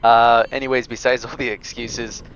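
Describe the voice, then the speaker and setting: A man's voice: mid-range voice, level tone, moderate pace. A man vlogging in a casual, rambling, self-deprecating way, talking straight to his viewers. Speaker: motovlogger. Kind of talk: casual talk to camera. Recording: muffled sound with clear background noise.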